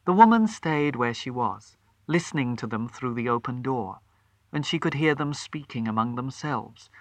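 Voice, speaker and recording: A man reads a story aloud in a measured, expressive way. His voice is bright and lively in pitch, recorded close and dry. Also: no echo. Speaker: narrator. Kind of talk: storytelling reading.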